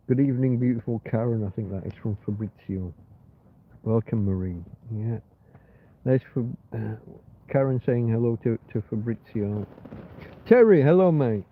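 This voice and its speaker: A man's voice: lowish voice, normal speed. Rambling man on a tinny livestream. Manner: rambling, swears a lot, reads chat aloud. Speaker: livestream host. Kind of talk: casual livestream chat. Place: in bed in a van or caravan. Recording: tinny phone-like sound.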